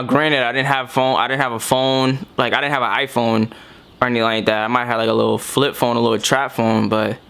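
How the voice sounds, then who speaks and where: A man from New York hosting, giving casual, slangy, joking commentary as he reacts to a video. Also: medium pitch. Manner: slangy, joking, animated asides.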